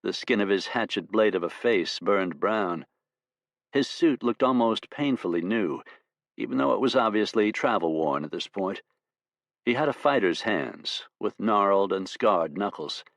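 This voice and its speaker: A man narrating an audiobook in a steady, measured storytelling voice. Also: lowish voice, no room sound.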